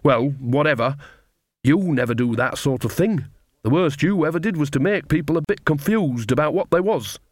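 A man voicing a cheerful, earthy old witch who chats brightly in plain common speech. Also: on the high side, lively intonation, moderate pace, no room sound, clean studio sound. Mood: cheery.

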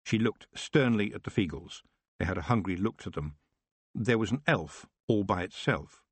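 Husky low-voiced male narrator, expressive. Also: moderate pace, dry recording. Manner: expressive storytelling. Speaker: audiobook narrator. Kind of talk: scripted narration.

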